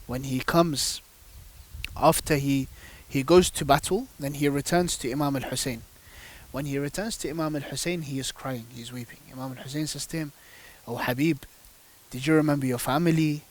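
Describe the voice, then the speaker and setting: This man has a mid-range voice and speaks at a normal speed. As a religious panel guest, he relates devotional stories forcefully and poses rhetorical questions, blending religious discussion with storytelling.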